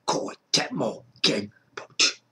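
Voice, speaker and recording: A man making an excited casual video, beatboxing between lines and breaking into high shouts. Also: takes it slowly, noisy background. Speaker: YouTuber.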